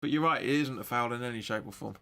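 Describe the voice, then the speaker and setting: A man hosting a football watch-along stream, giving excitable, sweary live match commentary. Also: mid-range voice, fast.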